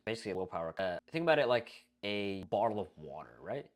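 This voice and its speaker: Young man, deep voice, swings up and down a lot, casual swearing monologue, lots of fillers. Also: fast, hardly any pauses. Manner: blunt, profane, animated, lots of fillers. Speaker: self-improvement video creator.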